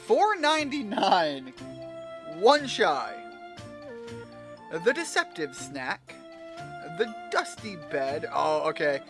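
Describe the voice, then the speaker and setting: A man's voice: fairly high pitch, sing-song, takes it slowly, pauses often. A man giving casual, rambling let's-play commentary while he plays a video game, joking and swearing now and then. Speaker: gamer playing a video game. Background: game music.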